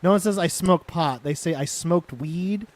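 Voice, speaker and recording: A man's voice: fairly high pitch, normal speed. A young man co-hosting a gameplay video, joking around in playful casual banter. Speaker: co-host.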